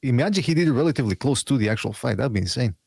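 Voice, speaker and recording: A man's voice: mid-range voice, lively intonation, racing, gravelly, a little mellow, slightly rough. A man hosting a casual podcast panel chat, rambling and restarting his sentences with many fillers. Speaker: podcast host.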